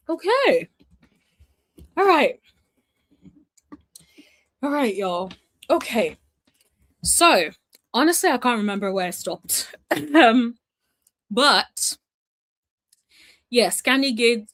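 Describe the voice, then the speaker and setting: A woman's voice: mid-range voice, a bit bright. A woman giving casual commentary as a reality TV recap vlogger, chatty, emphatic and opinionated, calling her viewers y'all and honey.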